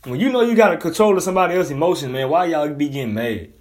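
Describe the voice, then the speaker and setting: A man's voice: on the high side, lively intonation, fast, a little mellow. Blunt, profane man ranting. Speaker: commentator. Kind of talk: casual monologue rant.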